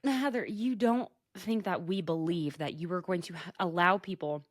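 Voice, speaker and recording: A woman's voice: fairly low pitch, moderate pace, no echo, clean studio sound. A woman hosting a podcast in casual gossip chat, giggly and chatty and full of fillers. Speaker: podcast host.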